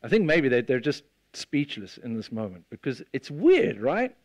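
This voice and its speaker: A man preaching a sermon, retelling a scene with lively storytelling and acting out the voices of the people in it. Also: medium pitch, normal speed, dry recording. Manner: animated storytelling, acts out the disciples' voices.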